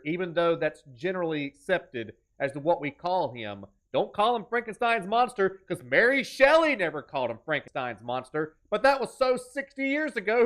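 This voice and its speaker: A man hosting a live horror-game stream, giving energetic commentary and teasing his chat with jokes. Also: a little high. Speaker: streamer host.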